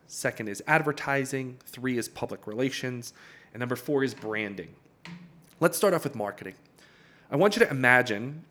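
A man's voice: medium pitch, fairly bright tone. A man hosting a podcast, explaining a topic in a loose conversational way and repeating his key points. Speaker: podcast host. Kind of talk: casual teaching monologue.

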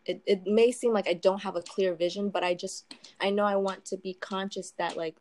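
A woman singer-songwriter talking in a casual interview, soft-spoken and reflective, with many pauses and ums. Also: mid-range voice, steady tone.

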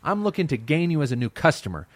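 A teasing, argumentative man co-hosting a podcast. His pitch swings up and down a lot as he pushes his point. The sound is close and dry, with no room echo. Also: very animated, fast talker. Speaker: podcast co-host. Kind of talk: casual chat.

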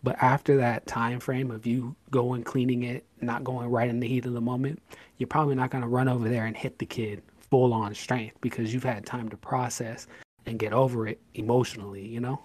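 A man at a mid pitch co-hosting a laid-back podcast, talking through his points in long stretches. He drives each point home with emphasis and acts out short bits of scolding. The recording sounds dry and close, with little room sound. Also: flat delivery, fairly quick, a little mellow, no echo. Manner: explains at length with hypothetical examples. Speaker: podcast co-host. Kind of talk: casual podcast chat.

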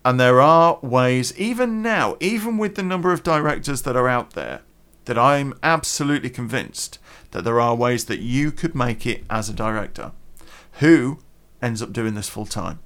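A man's voice: medium pitch, animated, moderate pace, fairly bright tone. A British man hosting a podcast, ranting casually and bluntly, swearing freely and chewing gum as he talks. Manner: chatty, blunt, swears casually, lots of "you know". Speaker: podcast host.

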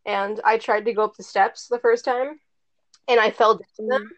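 A woman's voice: fairly high pitch, steady tone, normal speed. A teenage girl casually telling a story to friends, rambling with lots of "like" and some swearing. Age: teens. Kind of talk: casual chat. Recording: dull lo-fi recording.

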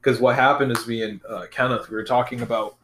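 A man's voice: medium pitch, fairly even intonation, quick pace, fairly bright tone, reverberant, slight background noise. A young man telling a story in laid-back casual chat, swearing often.

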